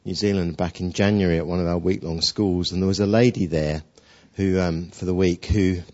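A man preaching a sermon, telling stories with playful jokes and dramatic pauses. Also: low-pitched, steady tone, warm tone. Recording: dull lo-fi recording.

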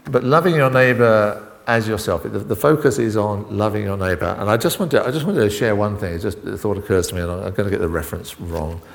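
A middle-aged man preaching an informal sermon, halting and full of restarts and asides as he talks with the congregation. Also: fairly low pitch, gravelly. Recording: long reverb in a hall.

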